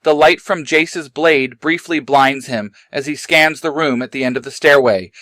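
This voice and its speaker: A man reading his own fanfiction aloud, moving briskly through the narration and shifting his voice a little for the characters' lines. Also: bright, forceful tone, no room sound. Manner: reads brisk narration and lightly varies pitch for characters' dialogue. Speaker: fanfiction reader.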